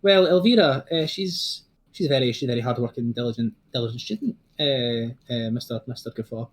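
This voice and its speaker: A man's voice: mid-range voice, a little fast, pitched below the performer's own voice, natural voice. A man voicing a weary old male professor who talks hesitantly and repeats his words. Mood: flustered.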